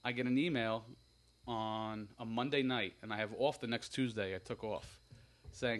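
A man's voice: fairly low pitch, fairly even intonation, normal speed. A man with a slightly nasal voice, co-hosting a casual podcast and telling a long rambling story between laughs. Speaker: podcast co-host. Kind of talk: casual banter.

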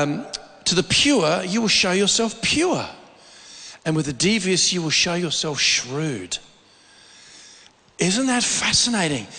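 Middle-aged male preacher, high and bright, informal, stumbles and restarts, echoing hall. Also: creaky. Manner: informal, repeats words while searching for phrasing. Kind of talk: conversational sermon. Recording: long reverb of a large hall.

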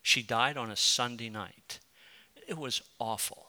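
A middle-aged male pastor preaching a sermon, moving between impassioned pleading and quiet storytelling. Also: medium pitch, a little slow.

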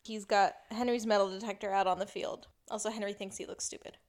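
A woman's voice: mid-range voice, steady tone, quick pace. A woman co-hosting a podcast, recapping a TV episode in casual chat and laughing often. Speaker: podcast co-host.

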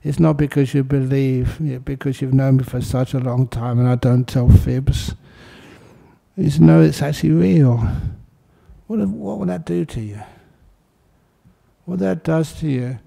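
Guy teaching meditation, super gravelly low rumble, laid back storytelling dharma talk. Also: normal speed. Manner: relaxed anecdotal storytelling.

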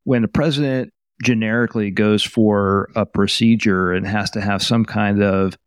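A man hosting an interview, asking a question in a measured way. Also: on the low side, steady tone, smooth, dry recording, clean studio sound. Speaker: podcast host.

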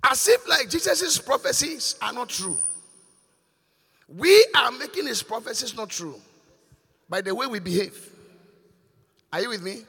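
A man's voice: extremely high pitch, expressive, a little slow, creaky, long pauses, fairly bright tone, slightly rough. An older man, a bishop preaching to his congregation, questioning and scolding them in call-and-response. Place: large church hall. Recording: long reverb of a church hall.

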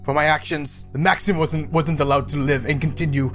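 A man's voice: fairly high pitch, steady tone, brisk, a bit bright, soft background music, voice pushed up, lightly acted. A man voicing a guilt-ridden young man who is confessing his lies in an anguished, rambling way, in a tabletop game.

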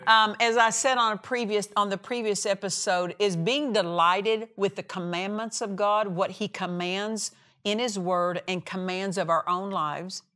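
A woman's voice: mid-range voice, fairly even intonation, unhurried, bright, forceful tone. A woman pastor delivers a teaching sermon in a mid-range voice. She presses on key phrases, repeats them for weight and seals her points with "amen.". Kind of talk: teaching sermon on a talk program.

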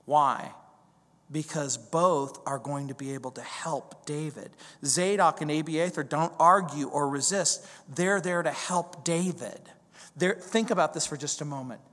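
Male pastor, fairly high voice, conversational and emphatic, long hall reverb. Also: normal speed. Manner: animated, conversational preaching with emphatic repetition. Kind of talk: expository sermon.

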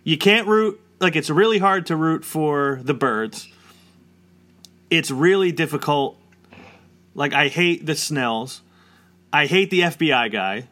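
A man's voice: on the high side, animated, slow pace, pauses often, a bit bright. A man around forty chatting casually and rambling, with lots of "like" fillers. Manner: rambling, heavy use of "like" fillers. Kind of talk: casual chat.

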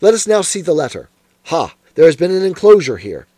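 Sherlock Holmes, read by a man — clipped, deliberate. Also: very animated, no room sound. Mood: analytical. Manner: clipped, deliberate, lower and quieter. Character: sharp, keen Victorian male detective.

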